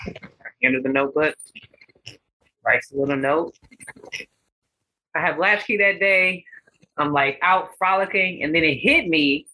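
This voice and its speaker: A woman with a bright, slightly husky voice chats on a podcast as a guest. She tells stories with flair and acts out the voices of the people in them. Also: low-pitched, moderate pace, pauses often, poor audio. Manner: animated storyteller, acts out voices in her stories. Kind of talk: casual podcast chat, storytelling.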